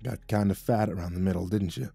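A man voicing the ghost of a drunken, contemptuous father, with a rough, slurring, rasping voice. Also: low voice, fairly quick, dark tone, no room sound, faint music behind, full character voice. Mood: mocking.

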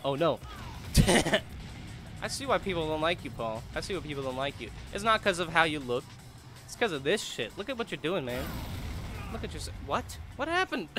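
Lively guy yelling at game characters while he plays, bright voice, swears a lot, faint game music underneath. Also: on the high side. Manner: excitable, swearing, laughing, talks to game characters. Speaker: gaming YouTuber. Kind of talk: let's play commentary.

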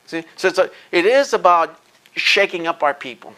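A man's voice: a little high, expressive, moderate pace, sharp tone. A man giving an impassioned lecture, intense and emphatic, blunt and profane, often repeating words as he presses his points.

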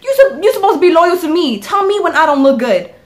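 A woman's voice: extremely high pitch, sing-song, quick pace. A young woman vlogging in casual chat, talking bluntly and swearing freely as she rants. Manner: blunt, profane, ranting.

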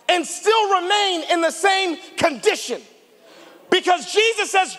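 Guy pastor, really high voice, banters w the crowd then yells, lots of church echo. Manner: animated preaching, building to shouts, banters with congregation. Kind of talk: sermon. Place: church sanctuary. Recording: long reverb of a large church hall.

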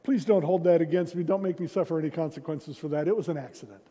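A slightly rough, mellow male voice on the high side delivers a sermon at a quick pace. As senior pastor he keeps things conversational and teases himself along the way. The church sanctuary gives the recording a reverberant sound.

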